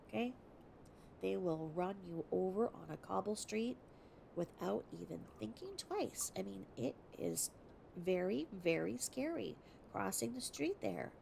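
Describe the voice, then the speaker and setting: American woman, casual rambling host, heavily creaky and gravelly voice, faint background noise. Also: mid-range voice, expressive, unhurried, darkish tone. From United States. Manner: chatty, rambling asides, slips into whispers. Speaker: reader and video host. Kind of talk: casual commentary between readings.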